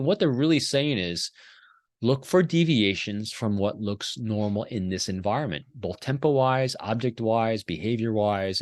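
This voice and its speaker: Middle-aged man, animated storytelling guest. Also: lowish voice, no room sound. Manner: animated storyteller, acts out quotes. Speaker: podcast guest, behavior expert. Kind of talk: conversational storytelling interview. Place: home office.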